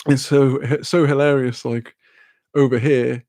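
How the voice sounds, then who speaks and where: A man's voice: mid-range voice, little pitch movement, measured pace, darkish tone, dry recording, clean studio sound. A Welsh man streaming a casual chat, laughing often, swearing freely and reading chat messages aloud. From Wales.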